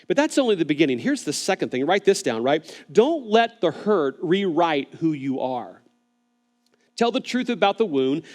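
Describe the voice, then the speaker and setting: A pastor delivering a sermon in a fairly high voice for a man. He is earnest and gentle, and he often restarts his phrases with repeated words as he talks to the people watching. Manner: speaks gently to online viewers.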